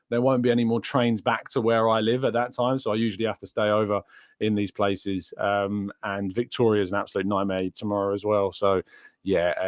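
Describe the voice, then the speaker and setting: A man's voice: on the low side, no echo, studio quality. Chatty English man hosting a live show. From England. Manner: rambling, chatty, many fillers and restarts. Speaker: podcast host. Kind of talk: live-stream chat reading viewer questions.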